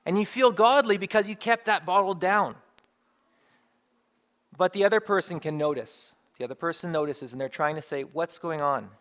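A man with a somewhat raised speaking pitch, delivering a sermon in a plain, talking-to-you manner. He builds his points by repeating phrases with emphasis, one after another. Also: moderate pace, a bit bright. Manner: conversational, builds through emphatic repetition. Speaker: pastor.

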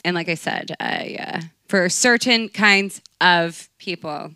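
Female comedian co-host, low-ish bright voice, swears and laughs through casual stories. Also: takes it slowly, clear, resonant tone, no echo, clean studio sound. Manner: profane, laughing, lively storytelling. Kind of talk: casual podcast chat.

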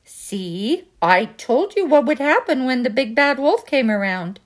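A woman's voice: high voice, animated, a little slow. Practical storybook pig, bossy big brother, scolds in a level tone, read by a woman. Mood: scolding. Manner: scolding, matter-of-fact. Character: sensible male pig, bossy older brother.

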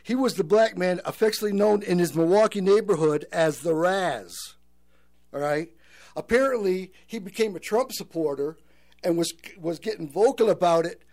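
A man's voice: high voice, normal speed, a little mellow, soft background music. A man hosting a talk radio show, talking earnestly to listeners and calling them folks.

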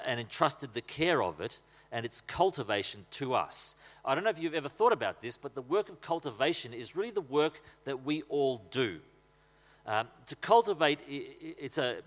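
Aussie pastor preaching, cracks jokes at the congregation, long hall echo. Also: male voice, medium pitch, a bit bright. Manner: humorous, conversational preaching with asides to the congregation. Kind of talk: sermon.

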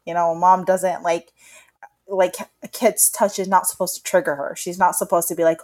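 Speaking brisk and lowish, this young woman co-hosts a laid-back podcast about motherhood. She's confessional and open, retelling stories with animation in a candid chat.

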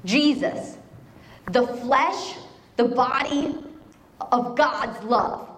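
A woman preaching a sermon in a conversational, animated way, telling stories and quoting scripture. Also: sits high, drawn-out words, long pauses, echoey room, slight background noise, poor audio.

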